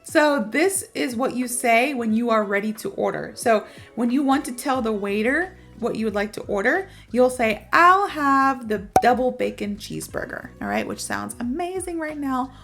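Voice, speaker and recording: A young American woman with a slightly high voice leads a casual online English lesson. She talks in a chatty, playful way, repeating example phrases for viewers. Faint music plays behind her. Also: big pitch swings, moderate pace, hardly any pauses, fairly bright tone. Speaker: English teacher.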